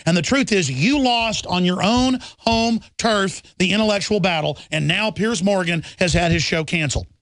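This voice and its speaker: A man rants through a talk radio monologue, combative and taunting. His voice sits high for a man. The sound is dry and close, with no room around it. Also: fairly bright tone, no echo. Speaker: radio talk show host.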